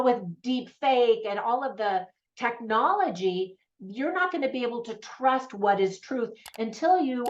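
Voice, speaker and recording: A woman giving a casual, enthusiastic spoken film review as host, laughing often. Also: a little high. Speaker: movie reviewer. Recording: slightly dull lo-fi sound.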